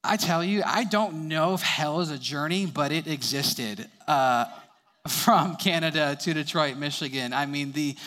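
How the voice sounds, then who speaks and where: A man's voice: a little high, unhurried, pushed and bright. A young adult man preaching a sermon, telling stories and chuckling between sentences.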